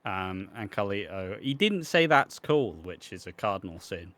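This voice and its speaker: Bright-voiced man in laid-back podcast chat. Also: low-pitched, sing-song, moderate pace, dry recording. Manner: laid-back, swears freely, trails off with ums. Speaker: podcast co-host. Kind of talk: casual chat about wrestling.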